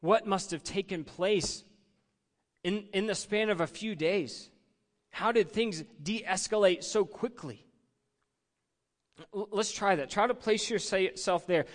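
In a church sanctuary filled with the long reverb of a large hall, a middle-aged male pastor gives a conversational sermon and leads his congregation in call-and-response. His voice sits high, and he speaks slowly with long pauses.

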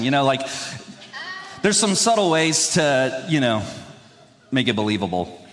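A man's voice: medium pitch, very animated, a little slow, a bit bright, a little hiss or hum. A young man preaching in a loose, conversational way, rambling with restarts and laughing at himself. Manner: rambling, self-deprecating, laughs often. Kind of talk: conversational sermon. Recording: long hall reverb.

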